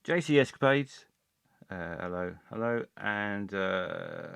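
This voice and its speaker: A man hosts a comic live stream in a lowish voice, rambling and halting as he trips over his words. The sound is dry and close to the mic. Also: sing-song, vocal fry, pushed and bright, clear, resonant tone, no echo. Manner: halting, rambling, full of fillers and restarts.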